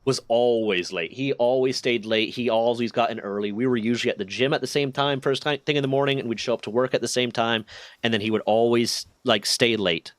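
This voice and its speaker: A man's voice: mid-range voice, fairly quick, no room sound. A man streaming, telling a workplace story in a casual, profane way and acting out the dialogue. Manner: profane, animated retelling with quoted dialogue.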